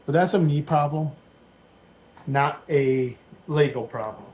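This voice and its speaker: A man's voice: on the high side, slow, a little mellow, rough recording. A man in his forties giving casual, rambling commentary while he builds a Lego set at home, thinking aloud as he goes. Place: dim room at home.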